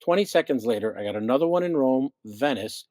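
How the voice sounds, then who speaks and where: A man's voice: medium pitch, quick pace, no room sound. A middle-aged man from the Midwest, a longtime radio host, telling stories in casual chat and acting out the quotes. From American Midwest. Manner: animated storyteller acting out quotes. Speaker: radio show host, guest.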